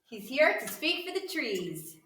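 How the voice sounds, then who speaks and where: A woman co-hosting a playful science lesson for kids, animated and teacherly, repeating key words. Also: high voice, a little slow, over a noisy crowd. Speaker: co-host and science explainer. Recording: roomy sound from a distance.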